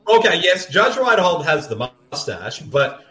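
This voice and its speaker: A man's voice: fairly high pitch, sing-song, sharp tone. A man co-hosting a casual movie commentary, joking and laughing often. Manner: jokey, laughing, quick asides. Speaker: podcast co-host. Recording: roomy echo.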